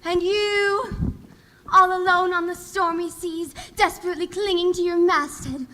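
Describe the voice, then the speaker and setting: A woman's voice: very high-pitched, steady tone, unhurried, bright, forceful tone, full character voice. A woman playing a vain, flighty young fiancée in a school stage musical, dramatic and affected. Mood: gushing farewell. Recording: long hall reverb with faint music.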